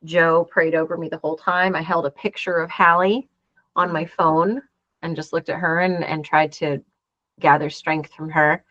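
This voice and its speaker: A woman in her forties speaks in a fairly low voice, earnestly recounting events and playing out each quoted exchange. The sound is dry and a little muffled, with a lo-fi dullness. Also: little pitch movement, normal speed, a bit bright, no room sound. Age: 40s. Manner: earnest, acts out quoted dialogue. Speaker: interview guest. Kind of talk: emotional personal storytelling.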